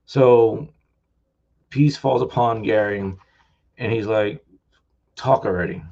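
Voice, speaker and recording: A man, an author at a live festival talk, retelling his book in a rambling, excitable way full of "like.". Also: lowish voice, slow pace, vocal fry, highs cut off. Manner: rambling, loaded with "like"; excitable, thanks the crowd warmly.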